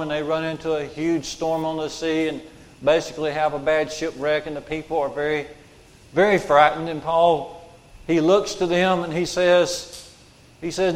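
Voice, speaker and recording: A man preaching a sermon as pastor, emphatic and repeating his key lines for weight. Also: on the high side. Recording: long hall reverb.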